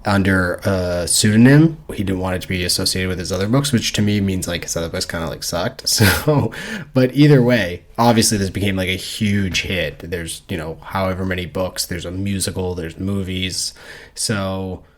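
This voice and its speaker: A man's voice: low-pitched, normal speed. A man co-hosting a casual book-club podcast, rambling, swearing freely and laughing often. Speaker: podcast co-host.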